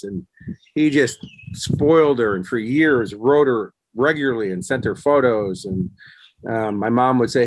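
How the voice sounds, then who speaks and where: A man in his fifties, a guest in an interview, telling stories and acting out other people's quotes in a lively way. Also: medium pitch, normal speed, no room sound. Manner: animated storyteller acting out quotes. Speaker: guest, actor and success coach. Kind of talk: casual interview storytelling.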